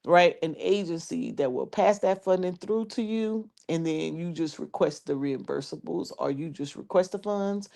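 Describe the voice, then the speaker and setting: A woman's voice: on the low side, normal speed, vocal fry, few pauses, warm tone. A woman on a video call explaining things in a folksy way to a panel, often checking that she is followed. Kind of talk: casual panel discussion.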